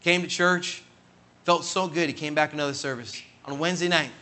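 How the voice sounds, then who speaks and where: A man's voice: fairly even intonation, fairly quick. A man preaching, telling a long personal story earnestly and with emphasis, and quoting others as he goes. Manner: earnest, emphatic, builds to loud high peaks when quoting others. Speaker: pastor. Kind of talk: sermon storytelling.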